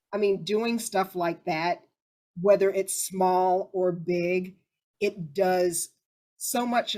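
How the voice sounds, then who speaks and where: A woman hosting a casual group discussion, chatty and animated as she tells stories. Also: fairly low pitch.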